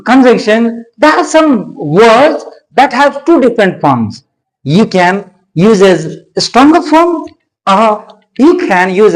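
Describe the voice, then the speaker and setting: An English pronunciation teacher giving an explanatory lesson, talking deliberately, repeating points and pausing often on "uh". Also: medium pitch, low-quality recording.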